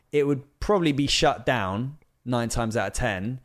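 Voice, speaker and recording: A man talks as a guest on a podcast, rambling through his points with plenty of fillers and asides. His voice sits at an ordinary middle pitch. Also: measured pace, hardly any pauses. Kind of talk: casual chat.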